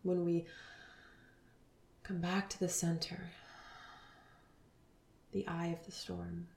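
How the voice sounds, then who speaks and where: Woman, thirties, spiritual podcast host, earnest, whispery at times, low voice, roomy echo. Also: flat delivery, slow, vocal fry. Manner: soft, earnest, drops to whispers.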